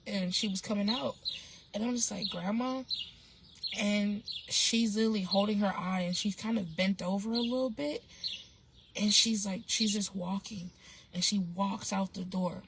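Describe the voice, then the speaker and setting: A woman's voice: medium pitch, steady tone, moderate pace, noisy background. A woman vlogger telling a story in a casual, slangy way, rambling with restarts and fillers.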